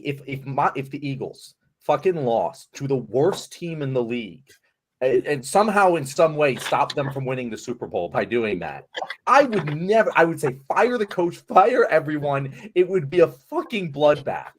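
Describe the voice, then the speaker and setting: A man's voice: on the high side, big pitch swings, normal speed, a little hiss or hum. A man co-hosting a podcast, talking politics bluntly and heatedly, with plenty of swearing. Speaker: podcast co-host. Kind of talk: casual political chat.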